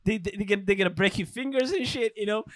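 A man's voice: high-pitched, fast, no room sound. A young man co-hosting a casual podcast, swearing freely and laughing as he tells stories. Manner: swears freely, laughs often, animated storytelling. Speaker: podcast co-host.

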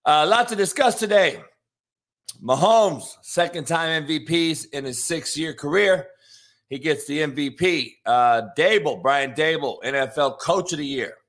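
A man hosting a morning sports talk show, hoarse from yelling, brash and profane as he hypes the show and reads sponsor plugs. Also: on the high side, expressive, unhurried. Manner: brash, profane, hype-driven.

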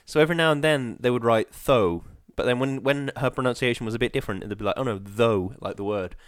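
A man's voice: medium pitch, quick pace, clean tone, no room sound, clean studio sound. A man co-hosting a casual podcast chat, playful and jokey, telling stories with lots of asides. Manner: playful, jokey, animated storytelling. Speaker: podcast co-host.

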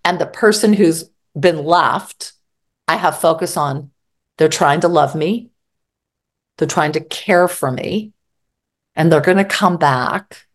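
A woman therapist talking in an interview, animated and acting out quoted exchanges. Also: sits low, takes it slowly, long pauses. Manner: animated, acts out quoted dialogue. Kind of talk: interview conversation.

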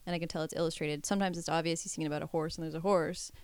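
A woman's voice: sits low, fairly even intonation, racing, clean tone, no echo. A woman co-hosting a casual chat, joking and rambling with playful asides. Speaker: podcast co-host.

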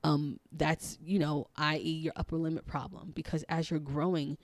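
Hoarse woman podcasting, dry close sound. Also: low voice, level tone, normal speed, dry recording. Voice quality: raspy. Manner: earnest, encouraging, thinking aloud with many "um"s and restarts. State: hoarse, partly lost voice. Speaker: podcast host and spiritual coach. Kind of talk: reflective solo podcast monologue.

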